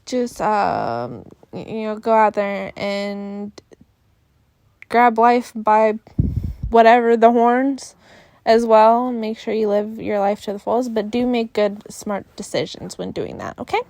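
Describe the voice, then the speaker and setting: A woman's voice: medium pitch, slow, creaky, a little mellow, dry recording. A tired young woman hosting a casual solo podcast into her phone, sighing and yawning as she rambles through fillers. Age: young adult. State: sleepy, yawning. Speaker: podcast host. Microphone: phone held close.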